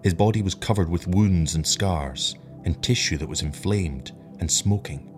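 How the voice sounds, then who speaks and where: A man reading an audiobook story in a measured, even way, with faint music behind. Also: deep voice. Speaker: narrator. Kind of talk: audiobook narration.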